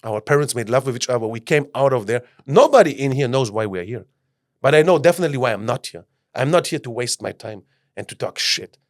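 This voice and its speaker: Fast-talking man telling animated stories. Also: mid-range voice. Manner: animated, acts out quotes with lots of "bro" and "like". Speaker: guest, self-leadership coach. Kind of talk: casual podcast storytelling.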